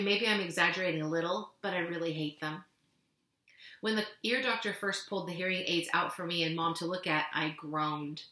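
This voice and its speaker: A woman, a teacher, reading a children's novel aloud in an expressive storytelling way. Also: fairly low pitch. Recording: echoey room.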